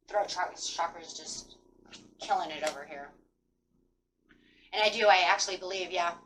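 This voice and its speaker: Woman, tarot reader, rambling, filler-heavy, mic a bit far off, faint background hiss. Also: on the low side. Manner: rambling, many fillers like "kind of". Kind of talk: casual tarot reading.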